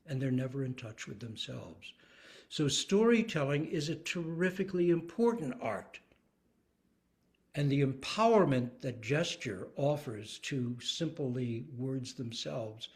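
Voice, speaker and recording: An older man teaching the art of storytelling in an expressive, emphatic way, speaking in halting phrases broken by sudden vocal bursts. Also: mid-range voice. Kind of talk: teaching talk.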